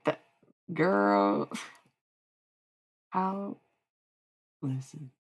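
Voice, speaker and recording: A woman's voice: low-pitched, very animated, drawn-out words, husky, lo-fi sound. A woman livestreaming in casual chat, talking candidly with frequent profanity and self-mocking humor.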